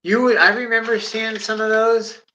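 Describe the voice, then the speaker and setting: A man telling rambling stories in a casual rant, swearing constantly and sliding between mutters and loud bursts. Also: high-pitched, level tone, normal speed, a little hiss or hum. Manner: drops to a mutter, then rises in bursts. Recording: dull lo-fi recording.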